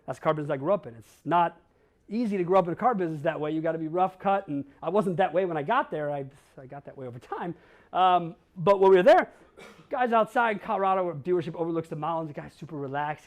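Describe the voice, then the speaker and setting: A Chicago man in his forties gives an energetic storytelling talk to a conference crowd, brash and blunt, firing off rhetorical questions and slang. His voice is a little high and he speaks fast.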